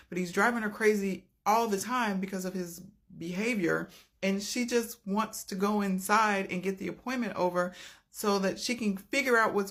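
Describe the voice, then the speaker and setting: A woman earnestly telling a personal story from an encounter, heartfelt, swinging between loud and hushed moments. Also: mid-range voice.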